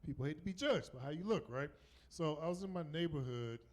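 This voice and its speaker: A man's voice: on the high side, expressive, quick pace, a little mellow. Fifty-something Southern man, stand-up. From North Carolina, US. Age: 50s. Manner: loose, conversational, keeps asking "right?" and laughing at his own jokes. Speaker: stand-up comedian. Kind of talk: stand-up comedy set. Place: comedy club stage. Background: audience laughter.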